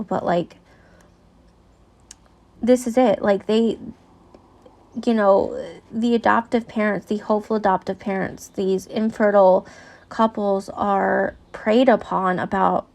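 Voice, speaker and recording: A woman's voice: medium pitch, gravelly, darkish tone. A woman who is an adoptee, reading letters from a book aloud and stopping to give her own earnest, candid reactions.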